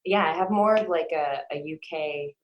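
Low-voiced animated woman on a roomy call. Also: normal speed, muffled recording. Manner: animated, laughs often, trails off and restarts. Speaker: actor guest. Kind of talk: casual interview chat. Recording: roomy echo.

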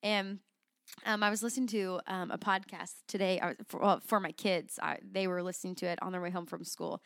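A woman's voice: fairly low pitch, steady tone, brisk, creaky, a bit bright, dry recording, studio quality. A woman co-hosting a faith podcast in casual chat, talking earnestly in long rambling runs with many fillers and restarts. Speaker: podcast co-host.

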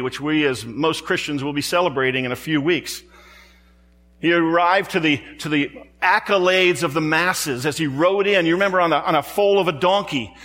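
A man's voice: fairly high pitch, bright, forceful tone, in a large hall. A man preaching a sermon in a church, dramatic and rhetorical, building his points through repeated phrases and pointed questions to the congregation.

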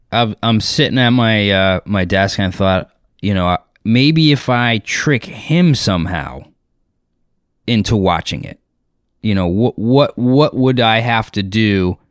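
A man's voice: lowish voice, no echo, clean studio sound. A man, a comedian and impressionist, telling a rambling, profane, self-deprecating story in a casual way.

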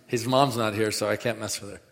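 A man's voice: fairly low pitch, fairly even intonation, fairly quick. A man preaching a sermon with emphasis, leading the congregation in call-and-response. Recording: echoey hall with long reverb.

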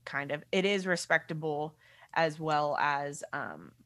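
Young woman groomer chatting, lowish voice, does little voices for quotes. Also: measured pace. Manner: chatty, animated, acts out quoted dialogue. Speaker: dog groomer, podcast co-host. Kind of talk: casual chat.

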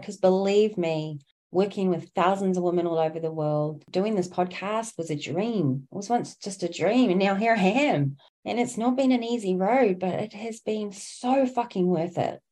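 A woman's voice: on the low side, darkish tone. A woman, hosting a podcast in an earnest, emphatic motivational monologue that swears freely and calls the listener Mama. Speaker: podcast host.

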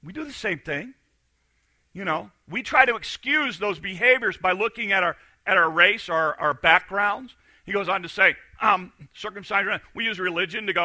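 A man preaching a sermon as pastor, swinging between loud emphatic lines and quiet, confiding asides. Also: high voice, moderate pace, no echo.

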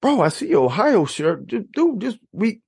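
A man's voice: sits high, sing-song, normal speed, creaky, darkish tone, husky, no room sound, pitched above the performer's own voice, exaggerated voice. A man voicing an eager, friendly young male alumni fan who talks in a pushy, buddy-buddy way.

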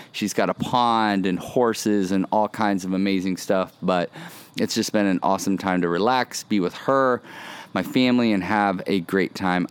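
A man's voice: fairly low pitch, clear, resonant tone. A man hosting a casual devotional podcast outdoors, speaking earnestly and encouragingly and often repeating phrases. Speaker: podcast host. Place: outdoors by a pool.

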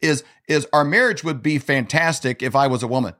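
Fast-talking man in casual chat. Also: mid-range voice, pushed and bright. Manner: quick, storytelling with stammered restarts.

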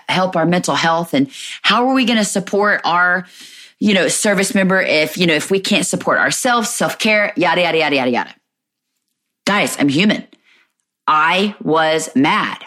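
A woman in her thirties hosts a podcast in a casual monologue, chatty and candid, poking fun at herself. Her fairly low voice swings widely up and down as she talks. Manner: chatty, candid, self-mocking and animated. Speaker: podcast host.

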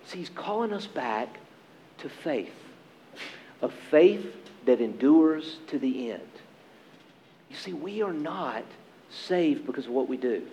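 A man preaching a sermon as pastor, earnest and emphatic, with dramatic pauses. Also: fairly high pitch, expressive, mellow, slight background noise, low-quality recording.

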